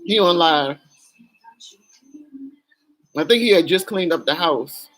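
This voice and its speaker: A woman's voice: lowish voice, lively intonation, a little slow, pauses often, low-quality recording. A middle-aged woman talking candidly to her camera in a chatty, emotional vlog, swearing casually as she goes. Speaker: vlogger.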